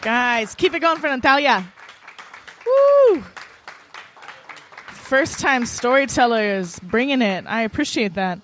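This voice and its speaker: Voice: medium pitch, normal speed, bright, forceful tone. An open mic host thanking the last storyteller and getting the crowd to cheer. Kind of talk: live emcee. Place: small cafe with live audience.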